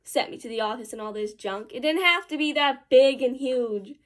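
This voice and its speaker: A teenage girl tells a rambling story in casual vlog style while doing her makeup. She talks in a fairly high voice and drops slangy asides as she goes. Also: normal speed. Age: teens. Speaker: vlogger.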